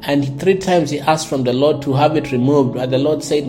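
A man's voice: on the high side, moderate pace, few pauses. A man preaching a sermon in an earnest way, often repeating words as he searches for the phrasing, with faint music behind him. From South Sudan. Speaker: pastor.

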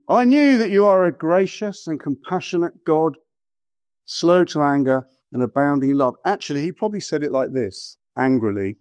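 A middle-aged man preaching a sermon, animated and acting out quotes with exaggerated voices. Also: a little high, normal speed, dry recording.

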